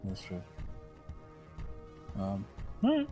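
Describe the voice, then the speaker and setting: A man co-hosting a podcast in casual chat, grumbling and deadpan, swearing often. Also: deep voice, extremely slow, soft background music. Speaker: podcast co-host.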